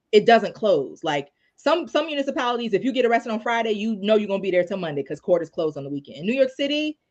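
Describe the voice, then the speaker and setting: A woman criminal law attorney, a guest telling stories in a casual, animated way with many fillers. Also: mid-range voice, lo-fi sound. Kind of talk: casual storytelling in a live discussion.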